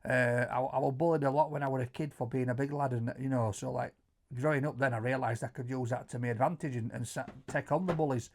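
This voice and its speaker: Yorkshire bloke telling a story, repeats himself a lot, gets loud when he quotes folk. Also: medium pitch, quick pace. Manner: animated, swears, repeats words, acts out quotes loudly. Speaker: co-host answering viewer questions. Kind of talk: casual storytelling chat.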